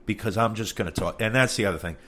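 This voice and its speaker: A New York man with a matching accent hosts a podcast, his voice lowish and fairly bright as he talks fast. He rambles frankly through a candid monologue, cursing often.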